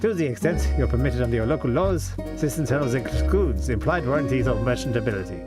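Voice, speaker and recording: A man's voice: medium pitch, expressive, fast, close to an everyday voice. A man streamer putting on a French accent, playing a grandiose, mock-formal Frenchman. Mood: theatrical. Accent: put-on French. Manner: theatrical, grandiose phrasing. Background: loud music.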